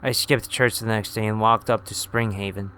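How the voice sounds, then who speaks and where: Man with a smooth, clear narrating voice. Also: lowish voice, fairly even intonation, moderate pace, pushed and bright. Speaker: horror story narrator. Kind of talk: scripted first-person narration.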